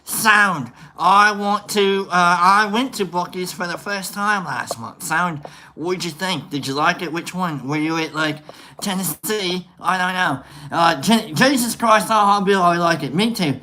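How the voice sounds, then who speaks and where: A man's voice: high-pitched, unhurried, sharp tone, a little hiss or hum. A man doing a hammy, joking mock English-Australian accent while chatting to viewers on a livestream. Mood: jokey. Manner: joking, rambling, reading out viewer names.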